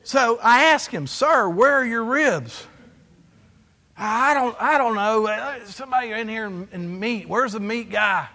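A man's voice: very high voice, a little slow. A male pastor preaching a sermon in a church, telling stories and acting out the dialogue. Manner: storytelling, animated, acts out dialogue. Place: church sanctuary. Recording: long hall reverb.

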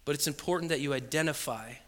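A man preaching to his church, telling a funny personal story with lively acted-out voices and laughter. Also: fairly high pitch, quick pace. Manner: animated storytelling, acts out voices and beeps, laughs often. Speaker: pastor. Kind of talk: sermon with a comic personal story. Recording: echoey hall with long reverb.

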